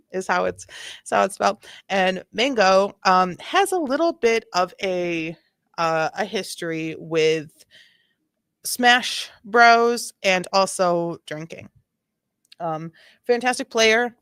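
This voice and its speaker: Gravelly, chatty woman commentator. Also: lowish voice, no echo. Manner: chatty, rambling, laughs often, frequent fillers. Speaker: commentary channel host. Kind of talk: casual commentary chat.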